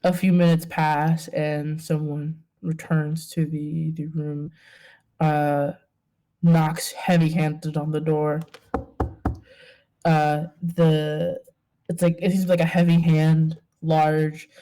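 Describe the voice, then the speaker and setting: A woman narrating a tabletop game as game master, hesitant, with many pauses and fillers. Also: deep voice, flat delivery, dark tone.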